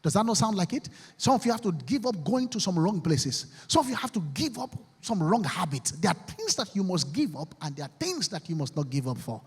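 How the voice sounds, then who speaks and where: A Nigerian motivational speaker with a high, breathy-edged voice delivers a rousing, preacherly speech in a large university auditorium, his pitch swinging widely as he talks fairly quickly with few pauses. He leads the audience in call-and-response affirmations, and the hall is echoey with long reverb.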